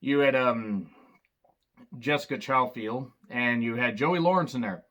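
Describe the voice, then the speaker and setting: A man talks through a casual film review in a mid-range voice, neither high nor low. He rambles loosely and keeps dropping sarcastic jokes and asides. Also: a little slow, pushed and bright. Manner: loose and rambling, with fillers and restarts. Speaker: movie reviewer.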